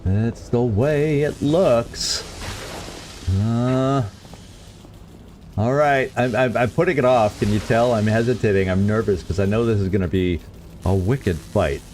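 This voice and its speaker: A man's voice: mid-range voice, a little slow, darkish tone, a little hiss or hum. A man streaming a game, chatting casually and stumbling over tricky words as he reads lore. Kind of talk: let's play commentary.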